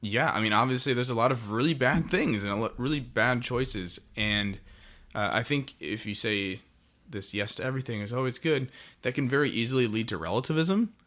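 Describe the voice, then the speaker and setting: A man co-hosting a podcast who calmly pushes back and clarifies his point in a casual discussion. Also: medium pitch, fairly quick. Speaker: podcast co-host.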